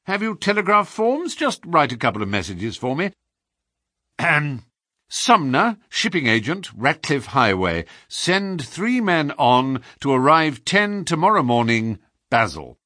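Confident detective, crisp and raised, animated delivery; male narrator puts him on. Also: fairly high pitch, measured pace, dry recording, pitched above the performer's own voice, heavily acted. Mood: triumphant. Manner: crisp and assured, dry wit. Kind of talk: audiobook character voice.

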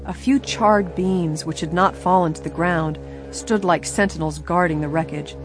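Low-voiced woman reading a mystery audiobook. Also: music in the background. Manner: measured, expressive storytelling. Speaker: narrator. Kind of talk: audiobook narration.

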